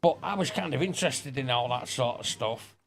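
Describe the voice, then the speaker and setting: A man's voice: mid-range voice, lively intonation, brisk, a little hiss or hum. Swearing man telling stories. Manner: swearing, rambling anecdotes with quoted exchanges. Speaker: gaming streamer. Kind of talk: casual storytelling over gameplay.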